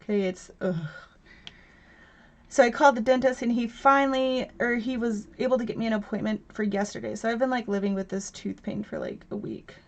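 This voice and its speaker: A woman's voice: a little high, fairly even intonation, fast talker, few pauses. A woman in her thirties hosting a casual craft livestream from home, chatting and laughing with viewers and reading their comments aloud. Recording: dull lo-fi stream audio.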